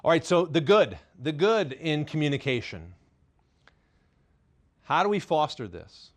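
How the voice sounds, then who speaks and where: With a sing-song lilt and a slightly slow pace, he addresses a live studio audience about parenting and faith. He's candid, lightly funny at his own expense, and moves between loud, high stresses and hushed, low asides.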